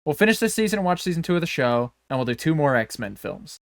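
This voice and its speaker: Podcast co-host, male, higher register, meandering and salty, with a dry close sound. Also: very animated, quick pace, vocal fry, dry recording. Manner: rambling, profane, self-interrupting. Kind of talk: casual chat.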